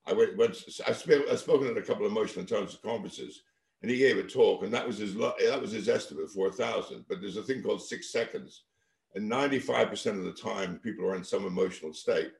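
Older man, deep and gravelly, spinning brisk anecdotes in a roomy echo. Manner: energetic anecdotes with many restarts and tag questions. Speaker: interview guest, venture capitalist. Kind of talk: storytelling in conversation. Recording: echoey room.

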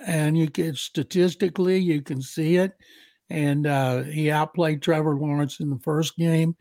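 A man's voice: fairly high pitch, a little mellow, dry recording. An older man co-hosting a sports podcast, giving football analysis in a rambling way with many fillers. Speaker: veteran football writer, co-host.

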